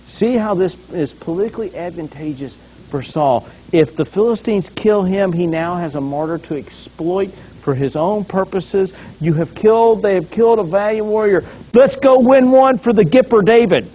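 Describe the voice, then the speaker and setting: A man's voice: sits high, moderate pace, slight background noise. A man preaching a conversational sermon as a pastor, acting out scenes along the way. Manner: animated, conversational, acts out scenes.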